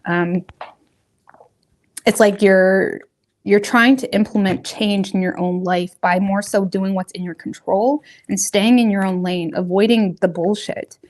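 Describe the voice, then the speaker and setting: A woman's voice: medium pitch, fairly even intonation, measured pace. Casual, rambling woman reading tarot. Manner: rambling, colloquial, talks straight to viewers. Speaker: tarot reader.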